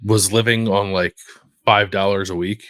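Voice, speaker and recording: A young adult man co-hosting a sports podcast, relaxed and chatty with lots of filler words. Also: fairly low pitch, normal speed, dry recording. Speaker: podcast co-host. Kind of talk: casual chat.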